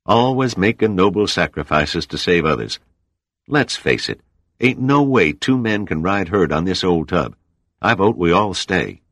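A man's voice: low voice, animated, unhurried, fairly bright tone, dry recording, pitched above the performer's own voice, full character voice. A man voicing a coarse, drawling, combative salvage worker in an audiobook. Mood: angry. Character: angry, rough-talking male salvage worker.

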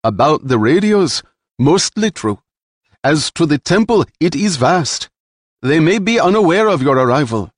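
A man's voice: a little high, big pitch swings, measured pace, no room sound, studio quality, pitched above the performer's own voice. A male narrator voicing a polite, deferential man answering his boss.

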